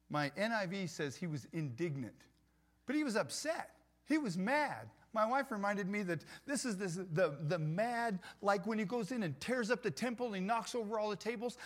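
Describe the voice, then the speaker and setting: A man's voice: high-pitched, breathy edge. A middle-aged man preaching a sermon in a church, talking conversationally and asking the congregation for responses. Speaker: pastor.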